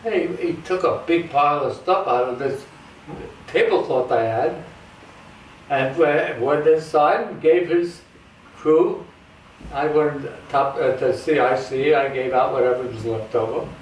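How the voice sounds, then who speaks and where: An older man recalling his navy days, halting and restarting as he goes. His voice sits a bit high for a man, and he sounds set back from the mic in an echoing room with faint hiss. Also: recorded from a distance. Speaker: navy veteran interviewee. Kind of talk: casual storytelling.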